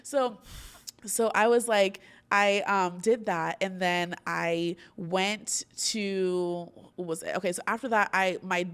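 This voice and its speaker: A woman's voice: medium pitch, steady tone, takes it slowly, fairly bright tone, smooth. Chatty young woman telling stories. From Florida, US. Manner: chatty storyteller with frequent laughs and "like" fillers. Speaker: podcast host. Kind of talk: casual podcast chat.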